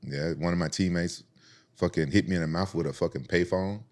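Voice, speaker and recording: A former UFC champion from Memphis, guesting on a podcast, talks fast in a low register with a drawl. He tells profane, animated street-fight stories, his pitch leaping up whenever he quotes the people involved.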